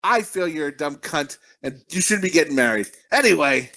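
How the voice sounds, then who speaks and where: A man's voice: fairly high pitch, animated, moderate pace, creaky, bright, forceful tone. A man co-hosting a podcast, ranting bluntly and swearing constantly in casual chat. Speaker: podcast co-host.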